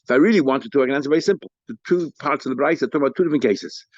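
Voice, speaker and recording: A man teaching a daily Talmud lesson, mixing English with Hebrew and Aramaic study terms and acting out the litigants' lines in quick bursts. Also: medium pitch, darkish tone, no room sound. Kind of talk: daf yomi Talmud lecture. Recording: dull, lo-fi dry recording.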